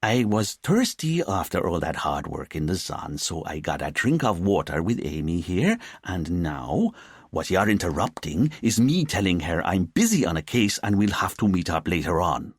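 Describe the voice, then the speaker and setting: A man's voice: deep voice, sing-song, normal speed, husky, dry recording, clean studio sound, full character voice. A man reading a laid-back, easygoing male police officer with a melodramatic streak, in an audiobook.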